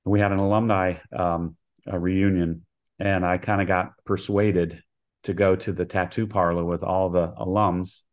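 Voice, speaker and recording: Deep-voiced older man telling stories earnestly. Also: flat delivery, unhurried, lo-fi sound. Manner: earnest storyteller who acts out quoted dialogue. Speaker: college softball head coach, guest. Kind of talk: storytelling interview.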